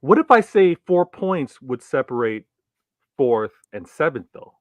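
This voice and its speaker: A man co-hosting a casual football podcast, measured and hesitant, thinking things through aloud with fillers. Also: mid-range voice, very animated, no echo. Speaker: co-host, not a United fan.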